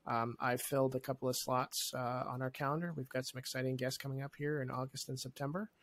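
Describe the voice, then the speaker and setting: A man's voice: medium pitch, level tone, fast, fairly bright tone. A man co-hosting a podcast, thanking listeners in a grateful, upbeat way, with fillers and restarts. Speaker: podcast co-host. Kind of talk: casual podcast chat.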